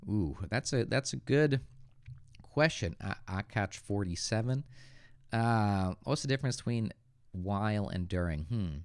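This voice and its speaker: A man's voice: lowish voice, expressive, a little slow, clean tone, dry recording, studio quality. An American man hosting a casual livestream, teaching English and answering viewer questions, thinking aloud with hesitant restarts.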